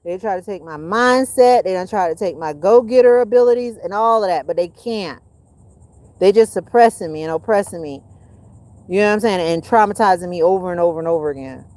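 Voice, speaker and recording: A woman's voice: mid-range voice, brisk, no echo. Blunt preachy woman ranting on a livestream. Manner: preachy, blunt and profane, swinging from loud to hushed. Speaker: livestream host. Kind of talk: livestream rant to viewers.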